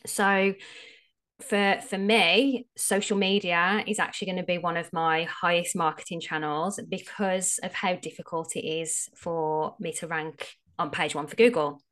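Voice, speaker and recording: A woman with an Australian accent talks through her field as a podcast guest, in a casual, frank way. Her voice sits a little low. She explains with plenty of filler words. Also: steady tone, measured pace, a bit bright. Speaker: SEO strategist guest.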